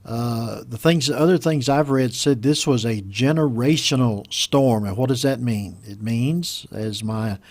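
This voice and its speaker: A man's voice: medium pitch, darkish tone, dry recording. Patient man teaching English words. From United States. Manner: slow, patient explanation with repeated model words. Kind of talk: teaching vocabulary from a news story.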